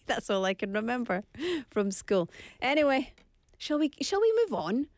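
A woman's voice: medium pitch, lively intonation, a little slow, a little mellow, dry recording. A Scottish woman hosting a radio show in a studio, chatting playfully and teasing herself as she goes. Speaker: radio host. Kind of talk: casual radio chat.

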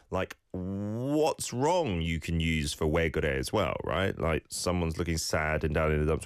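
A man's voice: deep voice, lively intonation, moderate pace, hardly any pauses, smooth, no room sound, studio quality. A male host who teaches phrases and gives playful, teasing feedback on listener clips, with exaggerated example intonation. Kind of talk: casual radio-style teaching.

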